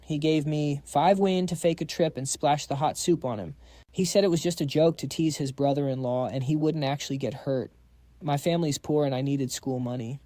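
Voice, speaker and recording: A man's voice: a little high, steady tone, moderate pace, dark tone, no echo, lightly acted. A man voicing a timid poor young witness who confesses hesitantly. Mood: fearful.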